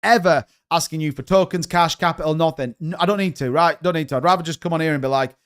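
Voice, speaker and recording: Male livestream host, excitable and talkative, high smooth voice. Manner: chatty and excitable, quick to shout. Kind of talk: casual livestream chat.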